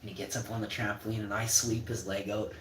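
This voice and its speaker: A man's voice: fairly low pitch, flat delivery, fast, a bit bright, slight background noise. A young man telling a story in a casual, rambling, profane way. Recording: roomy echo.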